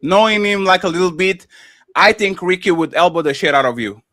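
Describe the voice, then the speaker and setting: A man in casual opinion talk on a streamed panel, animated and emphatic, often slipping into mocking impressions. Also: high voice, brisk, no echo, clean studio sound. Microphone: streaming microphone.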